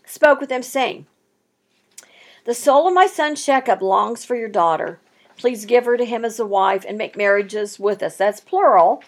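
A woman with a high voice leads a Bible study lesson. She reads scripture aloud and stops often to comment on it with strong emphasis.

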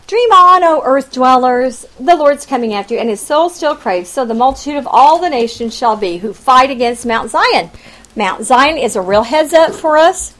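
High-voiced woman teaching scripture emphatically. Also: rough recording. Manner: animated, emphatic, with sudden loud rises and soft drops; conversational asides and rhetorical questions. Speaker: Bible teacher. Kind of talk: expository Bible teaching.

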